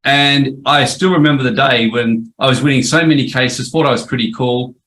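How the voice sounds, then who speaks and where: A man's voice: mid-range voice, fairly even intonation, normal speed, fairly bright tone, poor audio. Chatty middle-aged man presenting. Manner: chatty storytelling, frequent restarts and "yep". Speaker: course presenter, former lawyer. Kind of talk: webinar presentation.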